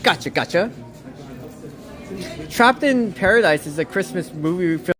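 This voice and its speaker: Brief: woman streamer, gushy and rambling, big swooping pitch, walking outside with a phone. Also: measured pace. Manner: excitable, gushing, rambling. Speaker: livestreamer. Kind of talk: walking livestream, reading chat. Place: outdoors on a snowy town walk.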